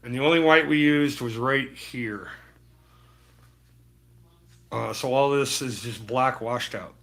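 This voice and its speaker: Bright-voiced laid-back streaming painter man. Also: mid-range voice, takes it slowly, gravelly. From Utah. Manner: laid-back, slangy, talks to chat. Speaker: livestreaming painter. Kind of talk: casual live-stream chat while painting.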